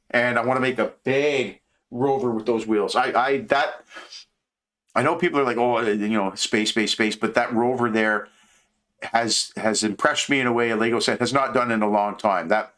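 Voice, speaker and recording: A man's voice: mid-range voice, fairly bright tone. A man in his fifties chatting casually while he builds, rambling through joking stories. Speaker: streamer.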